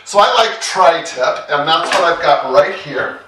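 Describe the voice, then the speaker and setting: A man co-hosting a cooking show, walking through a recipe in a relaxed, chatty way with folksy asides. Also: on the high side, a little slow, heavy background noise. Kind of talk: casual cooking demonstration. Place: home kitchen. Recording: echoey kitchen, mic at a distance. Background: clattering dishes and cutlery.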